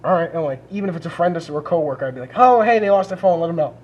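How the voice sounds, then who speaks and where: A podcast co-host with a fairly high voice tells a story at a very fast clip, chatting casually and profanely while acting out the people involved. The audio has its highs cut off.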